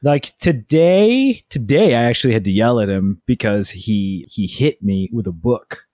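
A man in his thirties, co-hosting a podcast, chatting casually with a dry, deadpan humor. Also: medium pitch, unhurried, no room sound. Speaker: podcast co-host. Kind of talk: casual chat.

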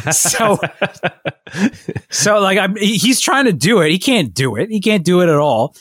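Male co-host, 30s, rambling chatty storyteller, slightly high pitch, dry sound. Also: sing-song, unhurried, fairly bright tone, no room sound. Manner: rambling storyteller, lots of fillers and laughs. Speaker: podcast co-host. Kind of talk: casual chat.

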